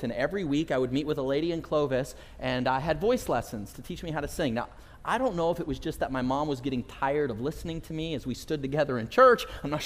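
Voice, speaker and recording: A man preaching from the pulpit with a slightly high voice, sharing stories with humor and animated energy. The sound is a church recording with a long hall reverb around his voice. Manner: storytelling, animated, self-deprecating humor. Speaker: pastor. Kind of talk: sermon. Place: church sanctuary.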